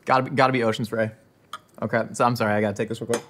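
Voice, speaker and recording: A man's voice: mid-range voice, flat delivery, very fast, a bit bright, slight background noise. A man in the middle of his range rambles through awkward dinner-table small talk. He trips over fillers and restarts and drifts from topic to topic, with no note of any recording fault. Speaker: host. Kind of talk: scripted comedy monologue to camera.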